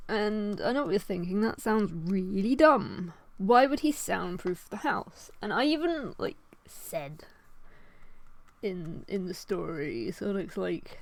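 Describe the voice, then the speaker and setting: Young woman, casual drawing chat, rambling, swears a lot, slow pace. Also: medium pitch, gravelly, a little mellow, no echo. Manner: rambling, swears often, laughs at herself. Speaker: artist and vlogger.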